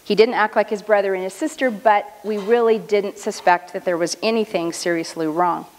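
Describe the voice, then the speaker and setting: A middle-aged woman telling a personal story at a luncheon in a measured, earnest way. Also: mid-range voice, fairly even intonation. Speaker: speaker. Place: luncheon hall. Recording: reverberant hall.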